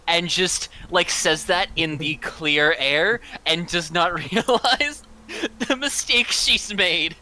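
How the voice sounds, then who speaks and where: A man playing a character in a tabletop role-playing game, animated and quick to laugh. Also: high-pitched. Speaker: player. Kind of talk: casual tabletop play.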